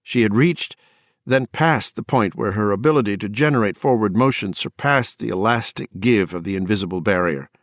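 A man narrates a novel in a steady, dramatic way. His voice sits on the low side, and it is recorded close and dry with almost no room sound. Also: no echo. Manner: measured, dramatic storytelling. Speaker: audiobook narrator. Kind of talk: scripted narration.

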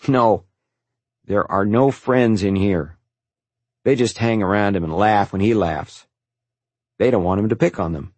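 A man's voice: lowish voice, unhurried, pauses often, a little mellow, breathy edge, dry recording. A man voicing a streetwise young orphan boy who explains hard truths earnestly, in an audiobook. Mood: knowing. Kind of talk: audiobook character voice.

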